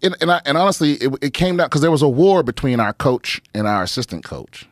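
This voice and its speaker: Pria tamu podcast yang mengobrol santai dan bertele-tele, sering mengumpat dan mengulang awal kalimat. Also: male voice, medium pitch, big pitch swings, brisk, no echo, studio quality. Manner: loose, rambling, swears, restarts often. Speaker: podcast guest. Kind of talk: casual studio chat. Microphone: studio microphone.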